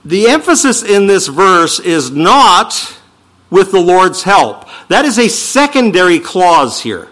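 A man preaching a sermon, reading scripture slowly and with emphasis, then explaining it in quicker asides. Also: high-pitched, big pitch swings, a bit bright. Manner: emphatic, swings from slow declaiming to quick asides. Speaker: pastor.

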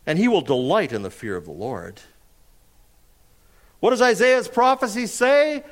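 A man preaching an expository sermon, emphatic, posing rhetorical questions and answering them, slowing down dramatically on key phrases. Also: sits high, big pitch swings.

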